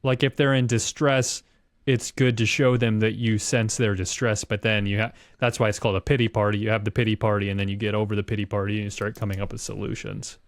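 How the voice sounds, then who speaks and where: A man's voice: fairly low pitch, little pitch movement, fast, no room sound, studio quality. A man hosting a podcast, talking reflectively in long musing runs. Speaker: podcast host. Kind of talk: casual chat.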